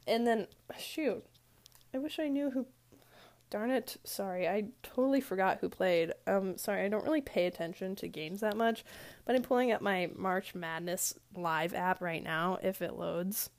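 A woman's voice: mid-range voice, moderate pace. A young woman telling a rambling story in a casual chat style, full of fillers and asides. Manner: rambling, chatty, lots of "like" fillers. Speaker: vlogger.

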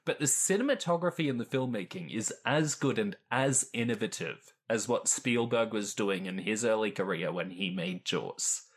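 Brief: young Australian man, lowish voice, blunt and crude, stop-start film chat. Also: lively intonation. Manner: blunt, sweary, halting with many restarts. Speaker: podcast co-host. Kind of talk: casual film review chat.

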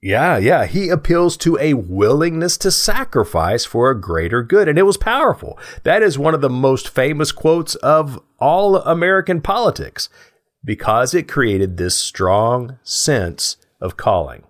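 A man co-hosting a podcast, explaining ideas in a measured, thoughtful way and laughing easily. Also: mid-range voice, sing-song. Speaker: podcast co-host.

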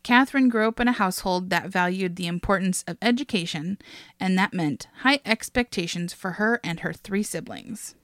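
A woman's voice: medium pitch, normal speed, fairly bright tone, no room sound, studio quality. A woman hosting a casual chat podcast, retelling a history story with frequent laughs and casual swearing.

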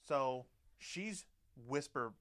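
A man's voice: mid-range voice, animated, very slow, fairly bright tone. A man telling a story in casual chat, acting out the lines of the people in it. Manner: conversational, acts out quoted lines.

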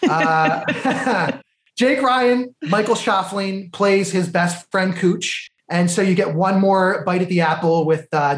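A man's voice: fairly high pitch, echoey room. A man, a podcast co-host, eagerly retelling a film plot and drawing life lessons from it in casual conversation.

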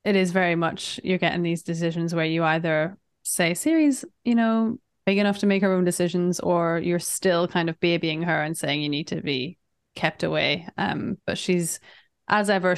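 A woman's voice: lowish voice, fairly even intonation, normal speed, smooth, dry recording. A woman co-hosting a podcast, recapping a game in casual, chatty talk, often laughing. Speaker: podcast co-host.

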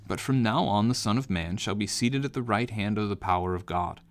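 A man voicing Jesus in a scripture reading, with a measured, grave delivery. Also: fairly low pitch, natural voice. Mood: calm. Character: Jesus, calm grown man, steady and solemn.

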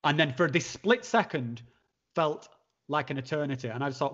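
A man tells a long story as a podcast guest, his voice a little high for a man. He talks haltingly, with many restarts and fillers. The audio is dull and lo-fi. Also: animated, fairly bright tone. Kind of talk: conversational storytelling. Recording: dull lo-fi sound.

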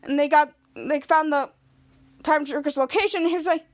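A woman's voice: high-pitched, moderate pace. A woman podcast host rambling through a casual recap of a TV episode. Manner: rambling, repeats "cut to".

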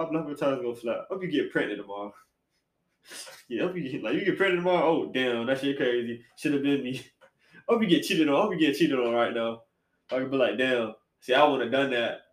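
A man hosting a casual podcast chat, animated and slangy, swinging between loud bursts and quiet asides. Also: fairly high pitch. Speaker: podcast host. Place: apartment room. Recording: echoey room.

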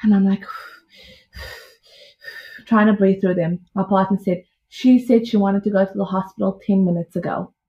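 A woman's voice: medium pitch, normal speed, long pauses, dull audio. Chatty woman telling a story. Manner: lively, chatty retelling with quoted dialogue. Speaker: podcast guest. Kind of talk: casual storytelling.

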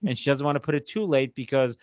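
A man's voice: mid-range voice, fast, darkish tone. A man hosting a podcast, telling a story in a casual, ranting way and swearing often. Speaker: podcast host. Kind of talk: casual chat. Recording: slightly dull lo-fi.

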